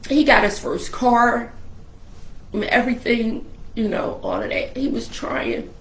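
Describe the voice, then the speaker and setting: A woman telling a personal family story in casual conversation, animated and acting out the voices she quotes. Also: fairly high pitch, measured pace, roomy sound. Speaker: guest sharing a family story.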